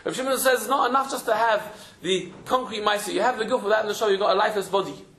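A man with a strikingly high voice leads a Talmud class, emphatic and explanatory, often circling back over the same words. His voice carries a roomy echo. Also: rapid-fire, fairly bright tone. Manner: emphatic, repeats words while searching for phrasing. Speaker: teacher.

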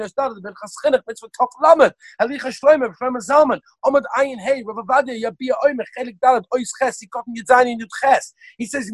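Husky, fast-talking man giving a Torah class. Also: very high-pitched, no room sound, poor audio. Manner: rapid-fire listing of sources, animated. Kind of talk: Torah lecture over video call. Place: lives in Israel. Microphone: video call.

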